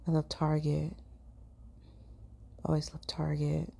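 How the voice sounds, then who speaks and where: Low, gravelly woman telling a story. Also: completely flat delivery, takes it slowly, dark tone. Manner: chatty, swears casually, drops into whispers. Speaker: podcast host. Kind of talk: casual storytelling monologue.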